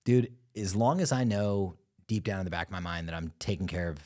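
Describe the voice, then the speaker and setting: Male podcast co-host, low voice, rapid profane rants. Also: darkish tone. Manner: profane, fast ranting, drops into low reflective tone. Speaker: podcast co-host, business owner. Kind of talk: casual podcast chat.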